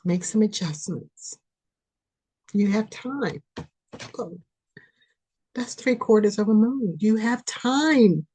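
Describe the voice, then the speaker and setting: Slow and pausing often, a woman reads on her spiritual podcast with lively intonation and a breathy edge to her medium-pitched voice. The reading is impassioned and repetitive, pleading in turns loudly and in near-whispers.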